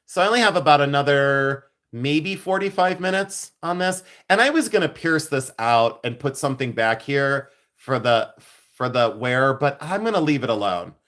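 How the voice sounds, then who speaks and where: A man's voice: mid-range voice, lively intonation, normal speed, fairly bright tone. A man hosting a livestream from his jewelry studio, chatting effusively with viewers, laughing often and thanking them. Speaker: silversmith livestream host. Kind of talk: casual livestream chat with viewers.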